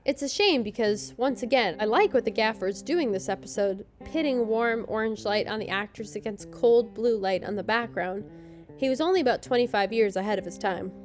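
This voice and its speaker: A woman's voice: fairly high pitch, moderate pace, faint music behind. A woman co-hosting a podcast, giving a sarcastic, joking recap of a TV episode. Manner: sarcastic, snarky commentary. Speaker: podcast co-host.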